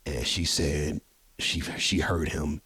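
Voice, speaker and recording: A man's voice: extremely low pitch, little pitch movement, takes it slowly, bright, forceful tone, breathy edge. A man hosting a live podcast show, telling a personal story with energy, often repeating words as he goes. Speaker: podcast host. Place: live show venue with audience.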